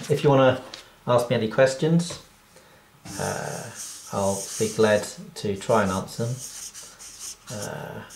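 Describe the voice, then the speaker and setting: A man talks through how he draws a cartoon, unhurried and rambling, full of fillers and self-deprecating asides. His voice sits in the middle of the range and has a roomy echo around it. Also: medium pitch, a little hiss or hum. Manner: rambling, self-deprecating, laughs at own jokes. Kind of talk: casual drawing tutorial.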